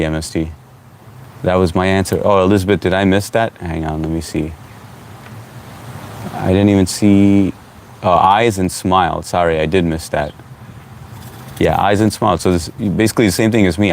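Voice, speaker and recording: A man with a low voice hosts a relaxed live stream from home, reading viewers' comments aloud and greeting each one by name. He talks in a loose, chatty way. Faint background noise sits under his voice.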